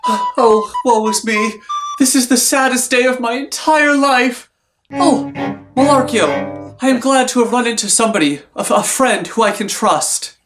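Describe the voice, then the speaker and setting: An actor playing Orazio, an overwrought young lover who wails and laments in a stage comedy. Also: male voice, extremely high pitch, a little slow, over music. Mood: lamenting. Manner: wailing, overwrought.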